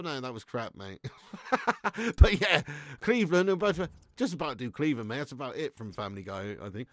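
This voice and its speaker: A man's voice: on the high side, sing-song, brisk, a bit bright, no echo, studio quality. A young man streaming a football game, chatting casually, swearing and reading out the chat. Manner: laid-back, swearing, reads chat aloud. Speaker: gaming streamer.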